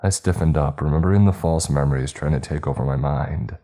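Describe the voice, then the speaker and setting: Man, horror narration, very deep voice, dark mellow tone, slow and brooding, faint music underneath. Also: fairly even intonation. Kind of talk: scripted first-person horror narration.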